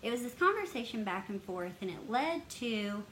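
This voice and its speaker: A woman's voice: on the high side, sing-song, normal speed, a bit bright, a little hiss or hum, low-quality recording. A woman, a health advocacy vlogger telling a personal story in an earnest, emotional, open way.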